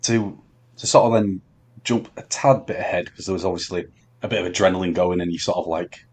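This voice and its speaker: A man telling a long story on a podcast, halting with many ums and restarts. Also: low-pitched, slightly rough. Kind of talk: casual storytelling chat.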